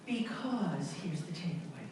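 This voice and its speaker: A middle-aged woman giving a personal storytelling talk to an audience, dramatic and emphatic, with long pauses and repetition. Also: on the low side, animated, noisy background. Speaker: speaker at a self-help event. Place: large indoor event hall. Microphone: camera in the audience. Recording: echoey hall recorded from far off.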